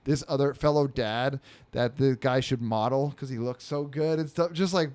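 A man's voice: mid-range voice, moderate pace, darkish tone. A man telling a story in casual chat, rambling with lots of fillers. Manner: rambling, filler-heavy, acts out quotes in a raised voice.

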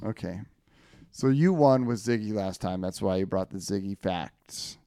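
A man's voice: lowish voice, normal speed, vocal fry, warm tone, no echo. A man co-hosting a casual comedy podcast, joking and laughing his way through pun-filled comic strips. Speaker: podcast co-host.

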